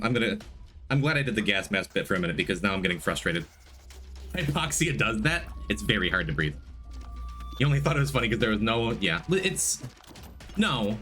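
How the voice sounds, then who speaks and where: A man streaming a game, chatting casually with viewers and jumping into excited high greetings. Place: home room.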